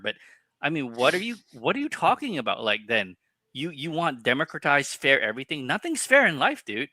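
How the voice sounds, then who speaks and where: Bright-voiced man ranting on a podcast. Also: mid-range voice, sing-song, a little fast, no echo. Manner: profane, heated ranting. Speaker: podcast co-host. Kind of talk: casual chat.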